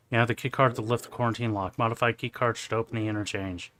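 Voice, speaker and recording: A man's voice: mid-range voice, steady tone, moderate pace, fairly bright tone. A man playing a video game on stream, chatting casually with his viewers. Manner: chatty, talks to viewers, laughs. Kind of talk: casual let's-play commentary.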